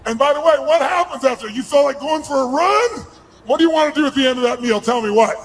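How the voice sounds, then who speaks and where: A man giving a motivational seminar speech to a live audience, loud and commanding, often shouting and firing questions at the crowd. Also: extremely high pitch, animated, slight background noise, low-quality recording. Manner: asks the audience rapid questions. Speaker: motivational speaker.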